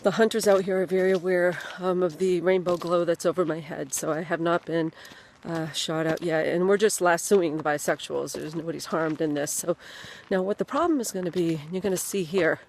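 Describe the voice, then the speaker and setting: A woman comedian delivering a mock-serious on-location report outdoors, talking haltingly with many fillers. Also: lowish voice, a little mellow, slight background noise. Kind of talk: deadpan mock documentary narration.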